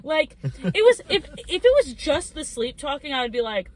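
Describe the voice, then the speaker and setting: A woman's voice: fairly high pitch, brisk, dry recording. Giggly young woman telling a spooky story. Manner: animated, giggly, acts out quotes. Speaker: podcast co-host. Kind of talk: casual storytelling chat.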